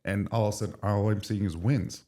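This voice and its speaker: Guy in his 40s, kinda low voice, pouring his heart out, lots of and-and restarts. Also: steady tone, brisk, dark tone. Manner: candid, emotional storytelling with many restarts. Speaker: podcast guest, brand co-founder. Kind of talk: casual chat.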